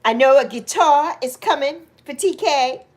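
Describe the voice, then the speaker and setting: A woman's voice: high-pitched, expressive, moderate pace. A woman in her sixties from New York, chatting casually and teasing viewers by name on her livestream, laughing often. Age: 60s. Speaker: livestream host.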